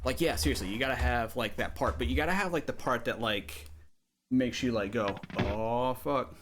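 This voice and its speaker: A man's voice: mid-range voice, animated, brisk, noisy background. A man streaming live as he writes riffs, chatting casually and jokingly with lots of fillers. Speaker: streamer and songwriter. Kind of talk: casual livestream chat while composing.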